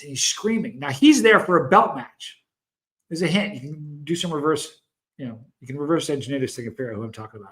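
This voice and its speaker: A man's voice: fairly high pitch, a bit bright. A middle-aged man hosting a hot sauce live stream, chatting casually with viewers and telling long, rambling stories full of asides. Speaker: hot sauce show host.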